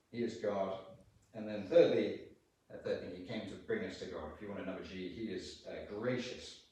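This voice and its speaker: A man's voice: on the low side, a little mellow, far from the mic. Man preaching in a very echoey church. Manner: earnest, with slow emphatic quotations and pauses. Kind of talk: lunchtime sermon.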